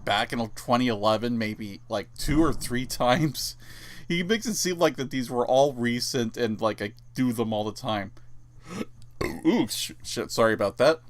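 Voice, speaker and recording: Sarcastic man with a lively pitch. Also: no echo. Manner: sarcastic, incredulous. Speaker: YouTuber. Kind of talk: mocking commentary while reading a document aloud.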